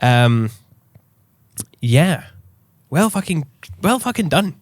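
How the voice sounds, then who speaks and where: Male podcast host, bright and animated, slightly high voice, dry close sound. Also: slow pace, no room sound. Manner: excitable, swears freely, laughs often. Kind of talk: casual podcast chat.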